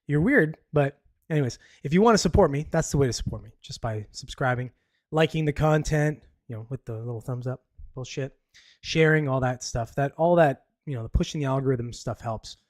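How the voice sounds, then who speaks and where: Through clean studio audio with no echo, a podcast host from Canada rambles over the news live, talking bluntly and casually, cursing and laughing nervously. His voice is mid-range with a darkish tone.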